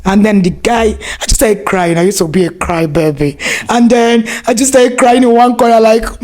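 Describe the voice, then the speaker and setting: A woman in her forties with a Nigerian accent, telling a lively, laughing story as a podcast guest. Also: medium pitch, normal speed. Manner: animated, laughing, acts out voices in her story. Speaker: guest, wife telling how the couple met.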